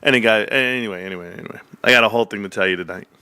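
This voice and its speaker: Animated swearing male livestream ranter. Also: fairly low pitch, very fast, clear, resonant tone, no room sound. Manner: animated, swearing, swings between loud bursts and mutters. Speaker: stock market livestream host. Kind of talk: casual livestream rant.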